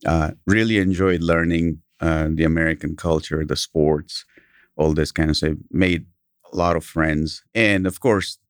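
A man from Kenya with a British accent, a company founder telling stories as a podcast guest, animated and chuckling between anecdotes. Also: very deep voice, no room sound, studio quality. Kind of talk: casual interview storytelling.

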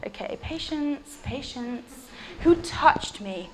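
A woman voicing a calm, patient man who speaks slowly and gently. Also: sits high, background noise.

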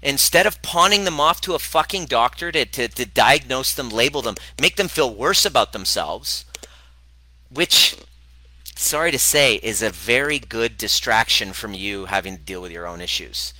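Speaking directly to the camera, a middle-aged man who was once a chiropractor and now hosts wellness videos tackles a viewer's parenting question with blunt passion, frequently swearing and laughing. His voice is medium in pitch, bright and forceful, animated at a moderate pace, in a dry, low-quality recording.

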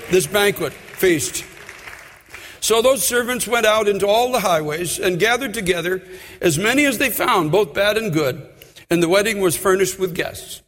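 A man preaching a sermon in a church, impassioned, repeating his questions and building up to shouts. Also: high voice. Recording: long reverb of a large hall.

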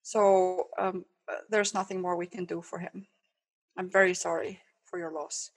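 A woman voicing a calm, apologetic male vet in a joke, speaking softly and quietly. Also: lowish voice, normal speed, voice pushed down.

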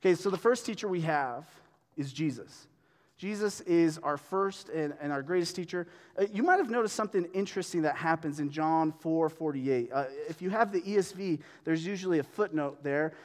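A man's voice: on the high side, moderate pace. A man giving a sermon as a pastor in a conversational way, often checking in with the room. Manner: conversational, checks in with "right?" and "okay?". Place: church hall. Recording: long reverb of a hall.

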